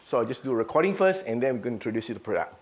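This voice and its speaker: A man's voice: medium pitch, sing-song, racing. A man running a live audio product demo. He thinks aloud, restarting his sentences as he works.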